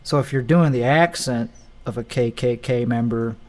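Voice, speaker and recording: A man's voice: medium pitch, moderate pace, a little mellow. A comedian, a man, casually talking over his own stand-up recordings in a rambling, offhand way. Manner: rambling and offhand, with trailing restarts.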